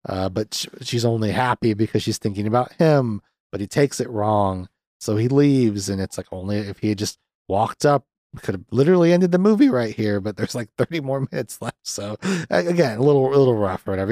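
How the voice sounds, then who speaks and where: A man's voice: fairly low pitch, darkish tone, no echo, clean studio sound. Sardonic young man recapping a movie. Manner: sardonic, swears freely, frequent fillers. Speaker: podcast host reviewing a movie. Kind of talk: casual recap.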